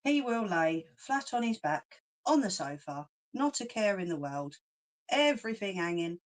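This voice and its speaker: A woman with a London accent chats casually on a livestream and reads comments aloud. Her pitch sits in the middle, and she talks with cheeky slang and frequent laughs. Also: very animated, moderate pace. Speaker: craft channel host.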